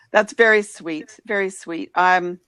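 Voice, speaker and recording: A woman's voice: medium pitch, slow, a bit bright, no room sound, rough recording. A woman in her sixties, chatting effusively as a guest on a casual video chat. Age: 60s.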